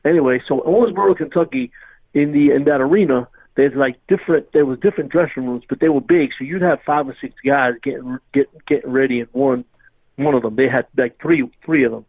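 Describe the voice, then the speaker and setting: A man's voice: mid-range voice, brisk, no echo, phone-quality sound. A man telling a rambling, casual story as a podcast guest, repeatedly saying "you know what I mean".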